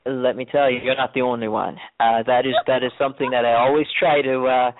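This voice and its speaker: A man's voice: mid-range voice, fairly even intonation, a little fast, dry recording. A man with a lightly toned-down Jamaican accent, answering interview questions in an easygoing way with lots of fillers and restarts. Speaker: tourism board guest. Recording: dry, tinny phone line.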